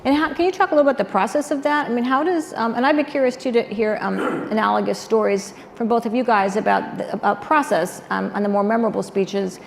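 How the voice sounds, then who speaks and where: Gravelly woman moderator in a big hall. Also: on the high side, fast talker, hardly any pauses. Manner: chatty, rambling questions with fillers. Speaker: panel moderator. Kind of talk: moderating a live panel. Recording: echoey hall with faint noise.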